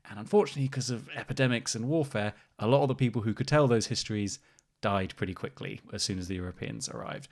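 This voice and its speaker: A man's voice: on the low side, fast talker. A young man co-hosting a podcast, chatting casually and rambling a little, often laughing. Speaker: podcast co-host. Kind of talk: casual chat.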